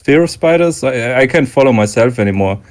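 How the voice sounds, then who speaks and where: A man in a casual online chat, delivering deadpan, rambling jokes with frequent stammers. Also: mid-range voice, brisk. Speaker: regular guest.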